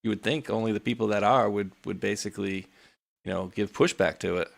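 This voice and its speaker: A man's voice: on the low side, a little fast, creaky. A man with a New England accent hosting a casual talk show, chatty and laid-back, reading news items aloud and laughing often. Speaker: show host. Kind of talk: casual podcast chat.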